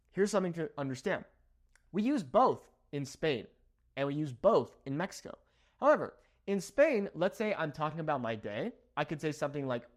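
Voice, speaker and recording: Teaching Spanish, a young native English speaker from Southern California checks in with "okay?" after nearly each point. His voice is a little high.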